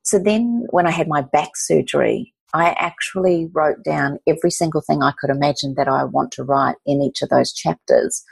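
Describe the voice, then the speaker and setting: A woman in her forties with a low, gravelly, husky voice talks through her story warmly and effusively, with frequent restarts. She sounds close and dry, with no room around her. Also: moderate pace, hardly any pauses, no room sound. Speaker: author and guest. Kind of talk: casual conversational storytelling.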